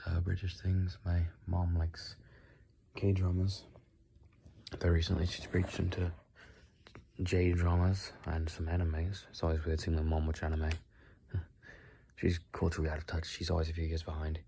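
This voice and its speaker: A tired young man rambling softly and unscripted into his phone in his bedroom late at night, with a soothing, unhurried voice. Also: deep voice, completely flat delivery, creaky, breathy edge. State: tired, sleepy. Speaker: vlogger.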